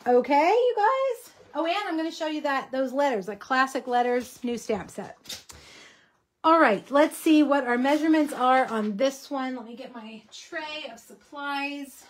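A woman's voice: high-pitched, lively intonation, a little slow. A woman hosting a casual craft tutorial livestream, chatting with viewers as she works, with a slight cough. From Texas. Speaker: host.

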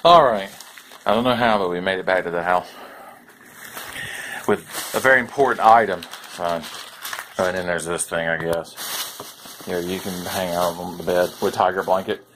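A man's voice: low-pitched, moderate pace, pauses often, background noise. A man casually vlogging from his bedroom while unboxing, sarcastic and profane, rambling to the camera balanced on his face.

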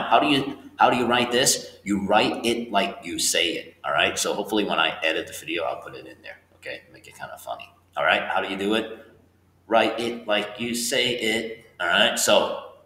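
A man with a very low voice walks through homework problems step by step. His tone is bright and forceful. He is recorded in an echoey room. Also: slight background noise. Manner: talks through the working out loud. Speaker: teacher. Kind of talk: homework walkthrough lesson.

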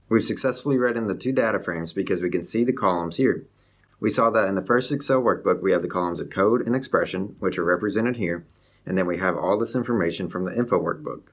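Low and husky, a young man's voice guides a coding tutorial, explaining a script step by step in a steady walkthrough over his screen.

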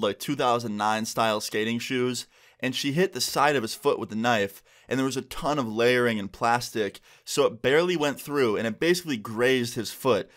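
A young man narrating a casual storytime for his channel. He talks in an animated, chatty way and leans on fillers. His voice sits at an ordinary middle pitch. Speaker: vlogger.

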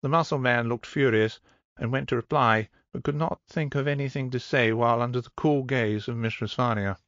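A man's voice: mid-range voice, fairly even intonation, fairly quick, a bit bright, dry recording, muffled recording. A man narrating an audiobook in a dry, wry manner.

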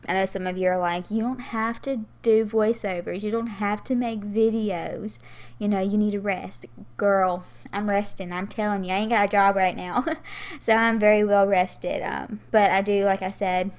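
A young woman with a drawl talks through her game build in a relaxed, rambling voiceover. She's heavily pregnant and a little out of breath, laughing easily between her ums and likes. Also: medium pitch. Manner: chatty, giggly, lots of fillers. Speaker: Sims gaming YouTuber.

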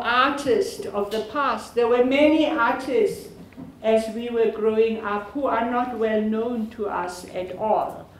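An older South African woman talks slowly and with a lifted, fairly high voice, chatting and joking on a panel and laughing often. Her voice rings in a very echoey lecture hall, with a faint hiss of noise underneath. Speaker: panel speaker, sister of the honoree. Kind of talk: informal public talk at a lecture panel.

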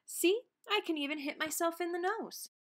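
A woman's voice: extremely high pitch, moderate pace, a bit bright, pitched above the performer's own voice. A woman voicing a lonely young male dragon who shows off, in a storybook reading. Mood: eager.

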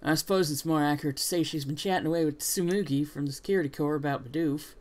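A man's voice: fairly high pitch, fast, a little mellow, close to an everyday voice. A man voicing a boastful, competitive young man, attempting a Southern accent with a smug, one-upping manner.

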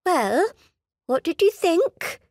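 A woman's voice: very high voice, sing-song, takes it slowly, a little mellow, no room sound, clean studio sound, voice pushed up, heavily acted. A woman voicing a fond, chatty, genteel middle-aged mother in an audiobook, with fussy society chatter.

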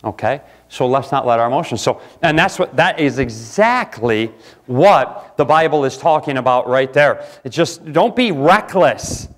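A pastor preaching a sermon in a church, jumping from loud outbursts to quiet asides. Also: male voice, mid-range voice, animated, measured pace. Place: church sanctuary.

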